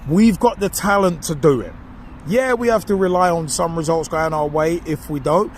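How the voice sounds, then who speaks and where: A man co-hosting a podcast, delivering a casual, animated and mocking football opinion monologue. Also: a little high, moderate pace, a little hiss or hum. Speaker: podcast co-host.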